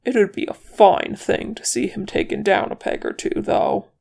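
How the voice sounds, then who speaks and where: A reader voicing a gruff, boastful male dwarf warrior who banters bluntly in an audiobook reading. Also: medium pitch, steady tone, normal speed, a little mellow. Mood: gruff teasing. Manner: blunt, bantering, calls others laddie.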